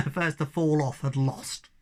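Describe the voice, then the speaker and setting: A reader giving an expressive storybook reading aloud. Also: medium pitch, slow. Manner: expressive, varied delivery.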